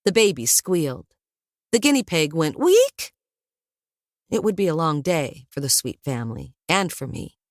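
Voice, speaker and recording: A woman reads a first-person story aloud in a low, animated voice. Her telling is wry and lively. The studio sound is dry and close. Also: normal speed, no room sound. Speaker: audiobook narrator. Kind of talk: first-person audiobook narration.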